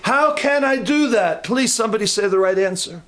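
A man's voice: high-pitched, animated, moderate pace, a bit bright. A man preaching a sermon in church, emphatic and questioning his congregation.

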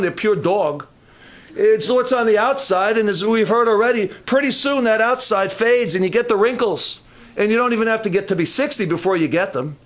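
Folksy older male camp preacher. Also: high-pitched. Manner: folksy, humorous asides with frequent restarts. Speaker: pastor. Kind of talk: sermon. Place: church camp meeting.

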